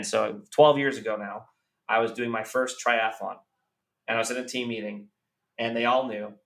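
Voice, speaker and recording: A man's voice: mid-range voice, a bit bright. A man giving earnest business advice in a podcast interview, repeating key phrases for emphasis. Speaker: business coach guest. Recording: roomy, slightly distant mic.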